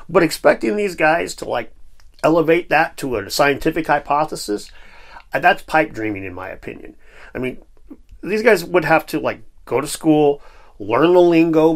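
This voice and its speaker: A man hosts a commentary vlog in a casual, conversational manner with a self-deprecating edge. His voice sits a little high. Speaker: YouTube host.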